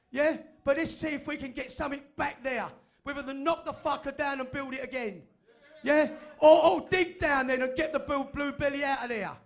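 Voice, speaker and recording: A man's voice: very high voice, a bit bright. A man giving a fiery, sweary speech to a fan meeting in a room full of people. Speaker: fan group speaker.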